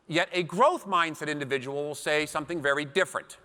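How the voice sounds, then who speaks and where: A man giving a seminar talk to a live audience, telling animated stories with acted quotes. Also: fairly high pitch, a little fast, few pauses. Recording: long hall reverb.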